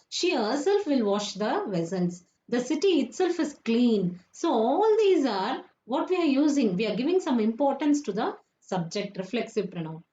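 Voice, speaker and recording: A woman's voice: fairly high pitch, dark tone. A woman teaching children a grammar lesson, often repeating points and asking if they understood. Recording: echoey room, dull lo-fi sound.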